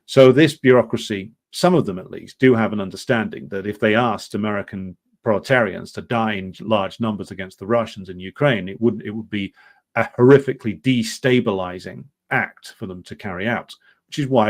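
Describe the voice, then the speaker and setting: Male commentary host, slightly low voice, off-the-cuff and sardonic, hesitant with frequent fillers. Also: brisk. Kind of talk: unscripted commentary reading from an article.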